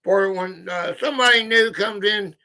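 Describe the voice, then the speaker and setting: A high, bright-toned man with a Southern US country drawl hosts a casual live quiz stream. He talks unhurriedly, bantering with his chat and reading out trivia questions, and he sits a bit back from the microphone. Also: moderate pace, distant mic. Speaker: quiz livestream host.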